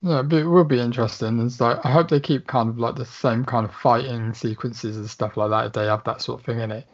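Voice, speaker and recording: A man's voice: medium pitch, fairly even intonation, fairly quick, dull audio. A man around forty co-hosting a podcast with dry, teasing banter. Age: about 40. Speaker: podcast co-host. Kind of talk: casual chat.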